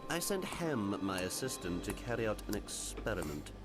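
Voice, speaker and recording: A man's voice: fairly low pitch, big pitch swings, moderate pace. An actor playing a scheming male alchemist master in a video game, talking in a brusque and belittling way. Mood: scornful. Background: game music.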